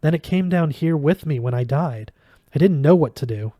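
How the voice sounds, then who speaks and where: A man's voice: fairly high pitch, lively intonation, normal speed, dry recording, clean studio sound. Man voicing shy earnest young apprentice. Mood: apologetic. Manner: apologetic, then shouting battle cries.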